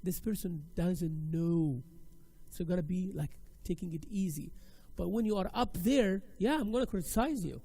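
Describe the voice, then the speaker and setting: Animated high-voiced man. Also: normal speed, husky. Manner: animated and conversational, acts out examples. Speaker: Islamic studies teacher. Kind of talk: classroom lecture.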